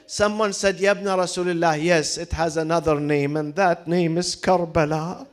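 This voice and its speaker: A male preacher telling a story in a mourning sermon, dramatic and building to loud lamenting cries, with recited Arabic mixed into his English. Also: on the high side, moderate pace.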